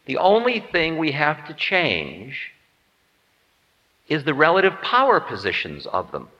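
A man's voice: a little high, huge pitch swings, a little slow, pushed and bright, in a large hall, muffled recording. A man giving a spiritual lecture with playful, self-mocking humor, acting out voices as he tells stories. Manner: acts out quoted voices. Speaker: spiritual teacher.

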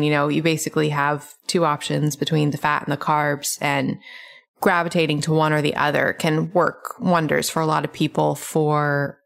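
A woman co-hosting a podcast, explaining things in a measured way with long, thoughtful sentences. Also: sits low, vocal fry. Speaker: podcast co-host. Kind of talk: casual podcast chat.

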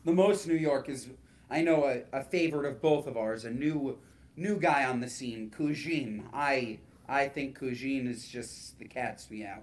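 A man's voice: medium pitch, measured pace. A man co-hosting a casual podcast, chatty and full of playful follow-up questions. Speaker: podcast co-host. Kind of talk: casual chat.

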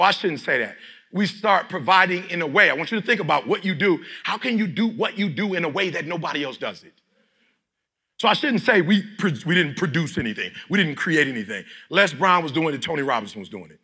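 A middle-aged man from Detroit giving a preachy motivational speech to a live audience, often shouting and leading call-and-response. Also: a little high, slightly rough. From Detroit, United States. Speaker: motivational speaker.

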